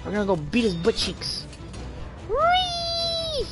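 An excitable man chatters through a video game session, his pitch leaping between soft murmurs and sudden yelps. He hums little tunes and calls out to a child beside him. Game music plays clearly underneath. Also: moderate pace. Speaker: gamer playing with a child. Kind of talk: playful gameplay chatter. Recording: game music playing behind.

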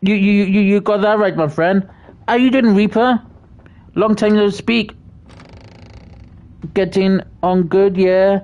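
A livestream host from Britain, chatting casually and reading out viewer messages, often stammering and repeating words while giving friendly shout-outs. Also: medium pitch, fairly even intonation, slow, pauses often, dull audio.

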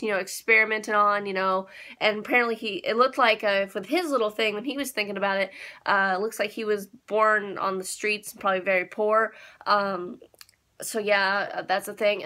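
A woman's voice: a little high, sharp tone. A young woman reviewing an anime episode in a casual, rambling chat, full of fillers and frequent giggles.

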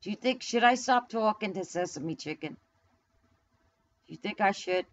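A woman's voice: mid-range voice, lively intonation, moderate pace, lo-fi sound. A woman live streaming from home in New York, rambling casually to her viewers, blunt and profane as she talks back to the chat. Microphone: camera mic.

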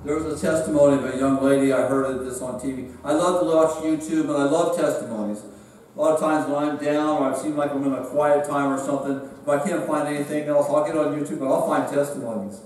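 Echoey far-off preacher from Central California. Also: male voice, a little high, fairly even intonation, fast talker, darkish tone, slight background noise. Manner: storytelling, folksy and emphatic. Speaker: visiting preacher. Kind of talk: sermon. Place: church sanctuary.

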